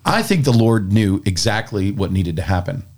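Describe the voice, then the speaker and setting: A man's voice: on the low side, normal speed. A man, a pastor telling a story in casual chat and acting out each person's lines. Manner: animated storyteller acting out dialogue.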